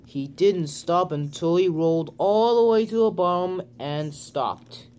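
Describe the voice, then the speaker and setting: A man narrating a homemade train story in a slow, halting way with many restarts. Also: high-pitched, darkish tone, clear, resonant tone.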